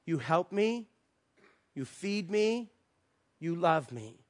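Brief: a man playing an excitable stranger, high-pitched, loud and insistent. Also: slow. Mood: earnest. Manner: repeats words loudly and insistently.

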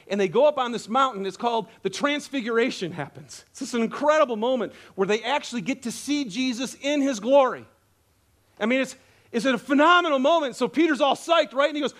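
A man preaching a sermon, telling a story with lively acted-out quotes and casual asides. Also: very high-pitched, brisk. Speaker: pastor.

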